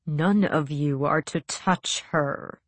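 A woman reading an audiobook voices a cool, bored, cruel male villain who speaks with soft, slow, silky menace. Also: low voice, no echo, pitched below the performer's own voice. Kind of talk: audiobook character voice.

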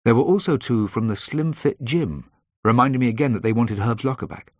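A man reading a first-person thriller aloud in a measured, dry storytelling manner. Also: mid-range voice, no room sound. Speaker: audiobook narrator.

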